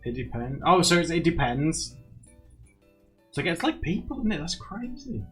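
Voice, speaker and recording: Chatty young male streamer, lively voice. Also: a little high, moderate pace. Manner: chatty, rambling, laughs often, acts out quotes. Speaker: livestreamer. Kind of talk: casual chat with live viewers. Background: faint music.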